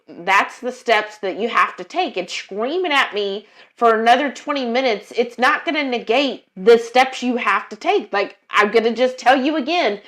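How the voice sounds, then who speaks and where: Woman co-host, casual livestream chat, talkative with fillers, slightly high pitch. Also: a bit bright. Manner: chatty, with frequent fillers and self-quotes. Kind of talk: casual chat, reading viewer comments aloud.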